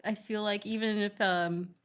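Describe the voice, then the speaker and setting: A woman's voice: medium pitch, steady tone, unhurried, a bit bright, clear, resonant tone. A woman appearing as a guest on an online talk show, chatting in a bubbly, rambling way and laughing often. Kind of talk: casual chat.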